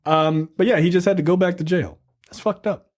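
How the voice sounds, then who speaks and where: A man's voice: sits high, fairly even intonation, fairly quick. A man with a slightly raised voice talks loosely and crudely on a podcast, cracking jokes and slipping into acted-out quotes. He rambles with fillers and laughs at his own bits. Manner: profane, joking, acts out quotes. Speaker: podcast co-host reviewing a film. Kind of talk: casual comedic chat.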